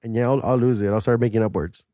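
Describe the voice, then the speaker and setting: A man's voice: mid-range voice, steady tone, fast talker, dark tone, dry recording, studio quality. A man hosting a podcast in casual chat, joking and swearing freely; his first language is Spanish. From California. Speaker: podcast host.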